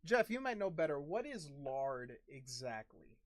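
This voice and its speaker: Excitable, foul-mouthed man streaming. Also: on the high side, measured pace, noisy background. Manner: loose and excitable, swears often. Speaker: card-breaking livestream host. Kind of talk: casual stream chat.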